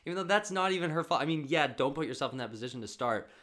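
A young man telling stories casually, rambling and swearing, with fast bursts. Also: on the high side, animated, fairly bright tone. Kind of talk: casual storytelling.

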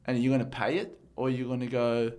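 A man's voice: medium pitch, level tone, fast talker, a little mellow. A young man, talking candidly and rambling in a casual chat. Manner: candid, rambling, repeats words.

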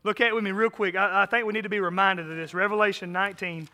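A man preaching a sermon as pastor, animated, swinging from loud emphasis to hushed asides. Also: sits high, fast talker, soft background music.

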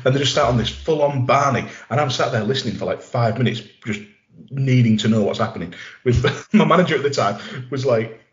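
A man's voice: medium pitch, brisk. A man, a podcast guest, telling long rambling stories with wisecracks in casual chat. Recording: roomy lo-fi audio.

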